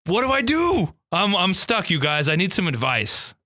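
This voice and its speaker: Goofy lively podcast man. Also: sits high, moderate pace, no room sound, clean studio sound. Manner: goofy, playing dim and rambling. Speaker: podcast co-host. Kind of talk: improv comedy podcast.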